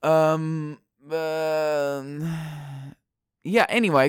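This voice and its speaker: A man's voice: mid-range voice, lively intonation, takes it slowly, smooth, no echo, clean studio sound. A man hosting a solo podcast from his bedroom, talking in a playful, rambling way and repeating words as he drifts toward and away from the mic. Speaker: podcast host.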